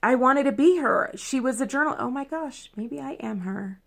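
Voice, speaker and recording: Chatty woman vlogger with a gravelly voice. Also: high voice, moderate pace. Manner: rambling and chatty, full of tangents and self-corrections; emotional and expressive. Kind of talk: casual chat to camera.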